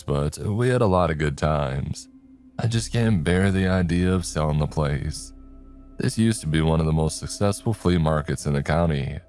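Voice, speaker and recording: A man's voice: extremely low pitch, a little mellow. Man doing a drawling cowboy-hatted old market owner. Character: folksy aging male flea-market owner in cowboy hat.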